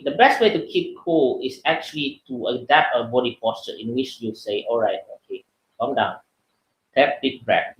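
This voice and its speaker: A man's voice: mid-range voice, roomy sound, poor audio. A man giving a casual webinar talk, answering questions with lots of fillers and "right?" tags. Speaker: webinar speaker.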